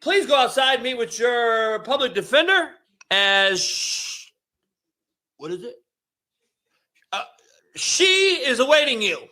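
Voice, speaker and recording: A man doing a halting, mock-formal judge reading charges in a comic courtroom skit. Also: very high voice, expressive, sharp tone, full character voice.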